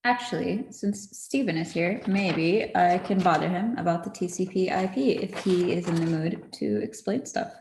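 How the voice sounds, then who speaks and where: A woman's voice: on the low side, moderate pace, few pauses, a little mellow, echoey room, a little hiss or hum. A woman hosting a casual livestream, chatty and laughing often with lots of fillers. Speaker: livestream host. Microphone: video call.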